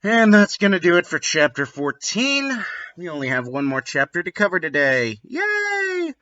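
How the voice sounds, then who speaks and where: A man's voice: fairly high pitch, lively intonation, moderate pace, bright, forceful tone, lo-fi sound. A man hosting a comedic readthrough, delivering sarcastic, wry commentary. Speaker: host reading and mocking a fanfiction.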